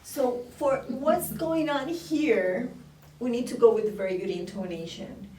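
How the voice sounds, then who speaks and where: A woman's voice: a little high, unhurried, a little mellow. A woman teaching an English conversation class who explains phrases patiently, models intonation and laughs often. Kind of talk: conversation class, switching between English and Spanish. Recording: roomy classroom recorded from a distance with faint noise.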